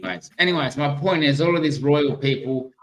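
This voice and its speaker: A man's voice: on the high side, brisk, rough recording. A man from Australia with an Australian accent, chatting casually on a livestream, rambling, musing aloud and greeting viewers from the chat. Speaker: livestream co-host.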